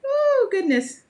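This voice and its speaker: A woman's voice: very high-pitched, darkish tone. A middle-aged woman hosting a live art journaling demo, chatting casually and laughing often as she works. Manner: chatty, laughs often, talks while working.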